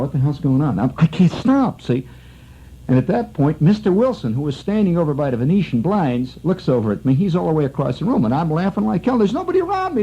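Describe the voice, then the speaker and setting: A man's voice: on the high side, dark tone, slightly rough. A middle-aged man hosting a radio show, telling a long rambling story full of asides. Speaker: radio host. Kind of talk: storytelling monologue. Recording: muffled old radio broadcast with faint music.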